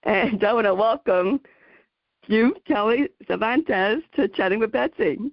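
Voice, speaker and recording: A woman hosting a radio interview show who talks effusively and emotionally, with halting "uh"s between her words. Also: a little high, animated, creaky, dry recording, highs cut off. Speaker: host.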